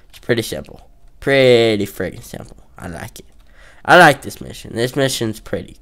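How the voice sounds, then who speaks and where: A man's voice: mid-range voice, clean tone. A young man giving casual, goofy gameplay commentary, trash-talking opponents and joking around. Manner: goofy, trash-talking, breaks into off-key singing.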